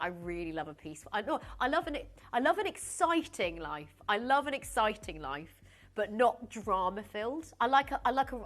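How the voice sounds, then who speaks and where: A woman's voice: mid-range voice, fairly bright tone. A woman presenting live on a TV shopping channel, chatty, giggly and easily flustered, talking straight to viewers. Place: TV studio.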